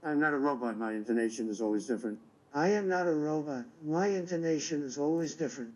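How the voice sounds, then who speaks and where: A machine voice clone of a man, a synthetic male politician with flat, choppy computer-made speech. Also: on the high side, fast, close to an everyday voice. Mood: robotic.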